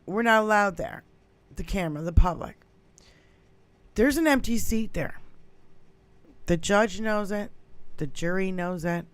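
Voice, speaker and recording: A woman's voice: medium pitch, measured pace, pauses often. A woman co-hosting a political podcast in casual chat, ranting angrily and swearing often. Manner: angry, profane ranting. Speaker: podcast co-host.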